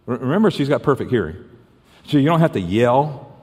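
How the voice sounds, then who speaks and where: A man preaching a sermon, earnest and repetitive, dropping to softer tones as he tells a parable. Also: mid-range voice, very animated, brisk, breathy edge. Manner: earnest, repeats and restarts, drops to soft tones for the story. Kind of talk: sermon with storytelling. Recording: reverberant church hall.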